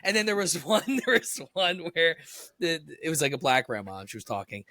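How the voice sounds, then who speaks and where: A man co-hosting a podcast, telling stories in an animated way, swearing and laughing often. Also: on the high side, a little fast, dry recording, clean studio sound. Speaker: podcast co-host. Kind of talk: casual chat.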